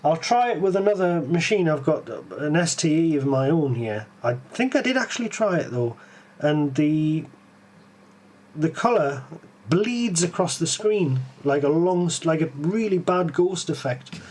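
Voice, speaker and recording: A man's voice: fairly high pitch, animated, unhurried, a little mellow. Man thinking aloud at workbench. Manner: rambling, self-correcting, thinking aloud. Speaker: retro computer repair streamer. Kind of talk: live-stream workbench chat.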